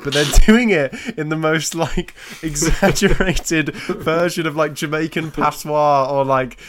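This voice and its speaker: A man in casual chat about comedy, talking fast with frequent laughs and restarts. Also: on the high side, fairly even intonation, background noise. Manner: chatty, laughs often, restarts a lot. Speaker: podcast co-host.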